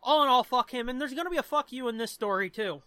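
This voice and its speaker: Bright-voiced man swearing through podcast chat. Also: extremely high pitch, quick pace, clean tone, no room sound. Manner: profane, laughs often, tells jokes. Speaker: podcast co-host. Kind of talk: casual chat.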